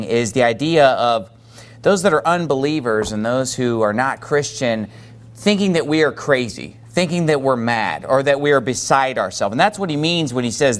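A man with an American accent preaching an evening sermon, reading scripture slowly and then retelling it in plain everyday words. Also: medium pitch. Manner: reads scripture slowly, paraphrases in plain speech. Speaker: pastor.

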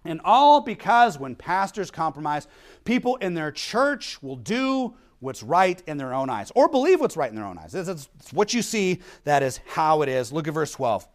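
A man's voice: a little high, sing-song, normal speed. Blunt emphatic male preacher. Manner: emphatic, blunt, keeps asking "okay?". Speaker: pastor. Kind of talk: sermon.

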